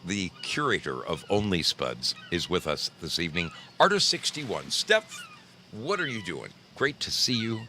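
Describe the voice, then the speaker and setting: Deep-voiced folksy male livestream host. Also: very animated, measured pace, bright, forceful tone, a little hiss or hum. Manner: folksy, greets viewers by name. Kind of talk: casual livestream chat.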